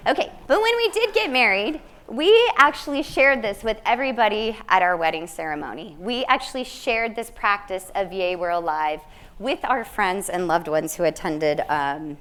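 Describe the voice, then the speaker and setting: A woman's voice: medium pitch, animated, moderate pace, a bit bright, smooth. A woman in her thirties, a nursing lecturer, giving a reflective public lecture to a live audience in a large hall. She talks earnestly and often checks in with her listeners.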